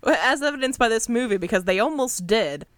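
A woman's voice: fairly high pitch, lively intonation, brisk, clean tone, dry recording. A young woman co-hosting a casual podcast, giving dry, wry commentary on a movie. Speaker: podcast co-host. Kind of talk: casual chat reviewing a movie.

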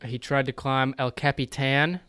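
A man's voice: medium pitch, level tone, unhurried, fairly bright tone, smooth, dry recording. A young man co-hosting a casual podcast, teasing and goofy as he chats with friends. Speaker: podcast co-host. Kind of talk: casual joking chat.

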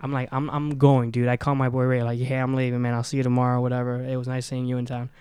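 Smooth-voiced man telling wild stories. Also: mid-range voice, completely flat delivery, quick pace, no room sound. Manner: profane storytelling, acts out quotes loudly. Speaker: podcast co-host. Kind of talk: casual podcast chat. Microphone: studio mic in apartment.

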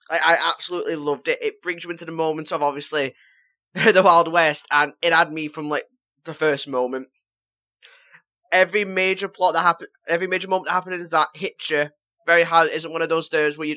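Panelist, male, higher voice with a bright edge, eager and rambling, muffled mic. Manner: enthusiastic, rambling with fillers. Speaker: podcast panelist. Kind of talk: casual podcast chat.

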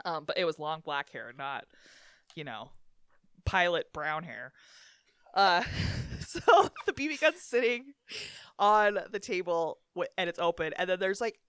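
Lively, bright-voiced woman telling a story. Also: fairly low pitch, measured pace, clean tone, dry recording, clean studio sound. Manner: chatty and animated, many "like" fillers, bursts of laughter. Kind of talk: casual chat, storytelling.

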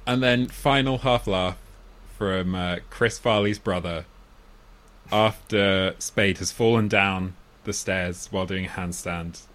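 A man's voice: slow, a little hiss or hum. A man co-hosting a casual chat about a comedy film, amused and often laughing. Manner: amused, acts out quoted lines in loud squeaky voices. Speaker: podcast co-host.

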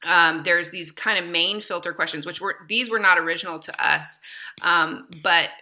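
A woman's voice: fairly low pitch, normal speed, pushed and bright. A woman in her thirties, a podcast guest, telling stories in a chatty way with frequent laughs and fillers. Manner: chatty, laughs often, lots of fillers and restarts. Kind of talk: casual conversational storytelling.

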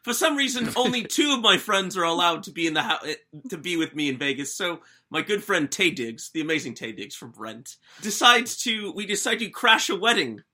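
A man voicing a young British man in a jokey, deliberately bad British accent, retelling a wild night in the first person. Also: high-pitched, sing-song, sharp tone, heavily acted. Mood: playful. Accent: bad put-on British. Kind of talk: comedic first-person plot recap.

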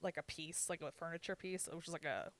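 In casual chat, a young woman co-hosting a podcast shares gossipy family stories, her low voice fast and fairly bright. She laughs frequently and fills her speech with "like."

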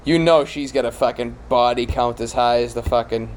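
A man's voice: mid-range voice, fairly even intonation, moderate pace, slight background noise. A young man co-hosting a podcast, riffing crudely, swearing a lot and cutting in on his partner. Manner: profane, riffing, interrupting. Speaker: podcast co-host. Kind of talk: crude comedic banter.

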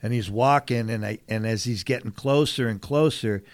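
A middle-aged man from San Diego telling candid personal stories in conversation, earnest and emphatic, dropping to a hush and then rising loud. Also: medium pitch, normal speed. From San Diego, California. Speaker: guest, fisherman and TV personality.

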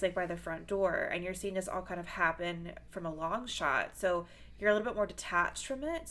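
A woman co-hosting a podcast, chatting casually about a film with lots of fillers and loud laughter. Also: mid-range voice. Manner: animated, laughs loudly, many fillers. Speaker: podcast co-host.

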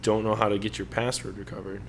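A man's voice: on the low side, flat delivery, fast, slight background noise. Rambling, jokey male podcast host. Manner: rambling, jokey, talks to the audience as folks. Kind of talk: casual sports podcast chat.

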